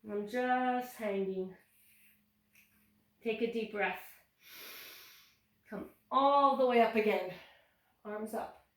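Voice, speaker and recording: Echoey yoga teacher guiding young children. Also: female voice, fairly high pitch, slow, pauses often. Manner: cheerful, encouraging step-by-step instructions. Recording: echoey room, voice from a distance.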